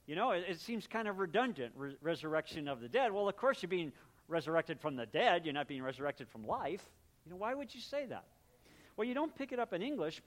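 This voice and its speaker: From the pulpit, a pastor with a notably high voice preaches in a relaxed, conversational tone to his congregation. He breaks down what words mean and briefly acts out small exchanges to drive his point home.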